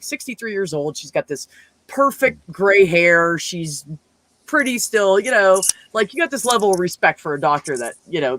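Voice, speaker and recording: Animated, lively-voiced man telling stories. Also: a little high, no room sound. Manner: animated storyteller, swears freely, acts out quotes. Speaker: podcast co-host; medical office worker. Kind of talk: casual chat.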